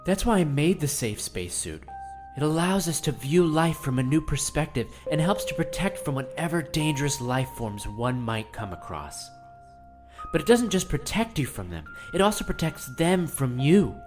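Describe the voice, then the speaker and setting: A man hosting a scripted comedy audio piece, earnest and gently idealistic. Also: fairly high pitch, sing-song, moderate pace, faint music behind. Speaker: host.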